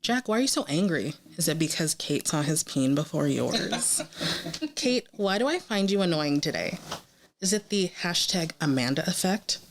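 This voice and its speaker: A woman co-hosting a podcast in casual chat, quick and teasing as she reads out her wry reactions. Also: on the low side, animated, slight background noise. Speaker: podcast co-host.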